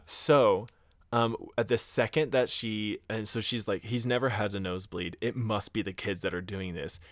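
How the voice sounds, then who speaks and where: A man's voice: fairly low pitch, a bit bright, no room sound. A man casually retelling a scary story on a podcast, acting out the quotes and swearing now and then. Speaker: podcast co-host.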